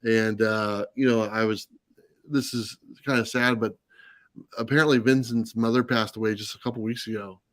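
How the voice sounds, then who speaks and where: A man's voice: lowish voice, fairly even intonation, normal speed, dry recording. A man telling a long anecdote in a casual livestream chat, full of fillers and restarts. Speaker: comics channel host. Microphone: live stream mic.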